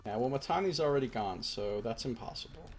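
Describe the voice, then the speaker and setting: A man giving casual, chatty commentary while streaming a video game, thinking out loud as he plays. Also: medium pitch, animated, a little fast, slight background noise. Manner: chatty, thinks aloud, reads game text.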